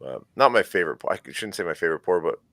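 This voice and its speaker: Male host, deep voice, easygoing questioner, dry mic. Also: animated, racing, fairly bright tone, no room sound. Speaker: podcast host. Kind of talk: casual bourbon chat.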